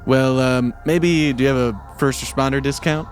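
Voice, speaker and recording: A man's voice: medium pitch, fairly even intonation, moderate pace, soft background music. A man role-playing a character at a tabletop game, rambling and hesitant with lots of ums and restarts. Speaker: player.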